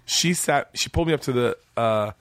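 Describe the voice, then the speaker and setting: A man in his forties, a comedian telling long, animated stories in a casual chat, swearing freely. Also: medium pitch, a little fast, no echo, clean studio sound. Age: 40s. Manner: animated, profane storyteller. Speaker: comedian guest.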